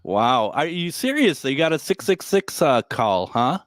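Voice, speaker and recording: A man's voice: medium pitch, big pitch swings, measured pace, dry recording. A man hosting a call-in radio show from a hotel room, talking casually in a rambling, joking way with lots of fillers and restarts.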